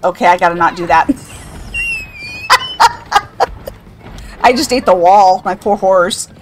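A woman's voice: fairly low pitch, a little fast, soft background music. An older woman streaming a game, chatting casually, reading out chat and laughing often. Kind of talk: casual live-stream chat while gaming.

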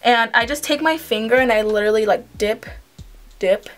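Chatty young woman with a high voice. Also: normal speed. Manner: chatty, rambling, uses "like" and "um" often. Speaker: beauty vlogger. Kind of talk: casual makeup tutorial. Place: home.

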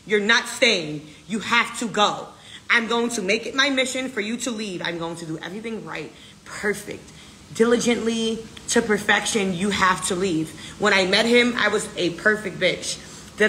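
A woman's voice: mid-range voice, normal speed, bright, forceful tone, echoey room, slight background noise. Brash, profane American woman ranting. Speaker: social media personality. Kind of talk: ranting live video.

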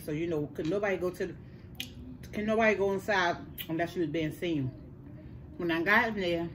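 An older woman, telling a personal story in casual chat, animated and repeating words for emphasis. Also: fairly low pitch, a little hiss or hum. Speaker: host.

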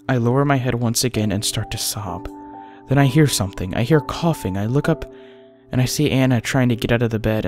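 A man tells a first-person horror story in a mid-pitched voice. He often drops to a hushed, breathy tone at tense moments. Faint music plays underneath. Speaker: narrator.

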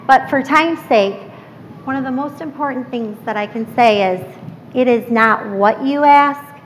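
A woman's voice: high voice, unhurried. Earnest woman giving a keynote in a hall. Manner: earnest, emphatic, asks the audience questions. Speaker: keynote speaker. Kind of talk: live keynote presentation. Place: lecture hall with an audience. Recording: reverberant hall, faint room noise.

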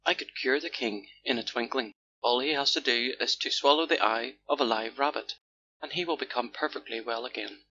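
A man voicing a boastful, easily frightened male sea turtle in a storybook, speaking smoothly and eagerly in a dull lo-fi recording. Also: medium pitch, brisk, sharp tone, a little hiss or hum.

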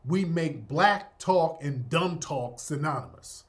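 A man's voice: on the high side, slow. A male host giving opinionated commentary, sardonic and emphatic, often tagging his points with "yeah?".

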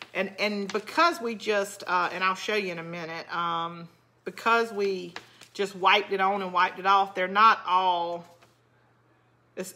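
Woman, Southern accent from Georgia, middle-aged, casual craft chat, low voice, forceful tone. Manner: chatty, reads out and answers viewer comments. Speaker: craft channel host.

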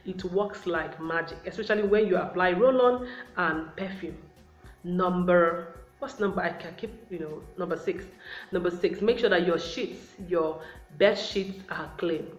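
A woman's voice: lowish voice, a little slow, soft background music. A woman giving relationship advice to the camera in a casual, chatty way, often calling her viewers guys. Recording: roomy, slightly dull sound.

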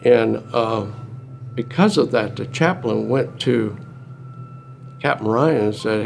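An older veteran man telling a war story in an oral history interview, in a slow drawl. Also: mid-range voice, creaky, faint music behind. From United States.

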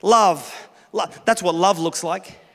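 A pastor preaches from a church stage, animated and funny, slipping into other voices to make his points. His voice sits very high for a man. The sound rings with the long reverb of a large hall. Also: slow. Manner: animated, humorous, acts out voices. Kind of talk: sermon.

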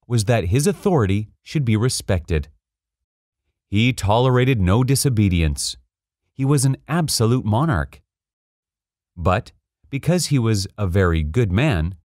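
In a studio-quality, dry recording, a male audiobook narrator with a mid-range voice tells the story with measured expressiveness.

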